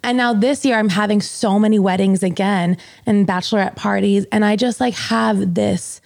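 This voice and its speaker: A woman in her thirties talks through her feelings on a podcast, rambling and filler-heavy, close to tears. Her voice has a creaky fry, and the sound is dry with no room echo. She comes across as open and unguarded. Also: mid-range voice, steady tone, moderate pace, a little mellow. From US East Coast. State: tearful. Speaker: podcast co-host. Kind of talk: casual chat.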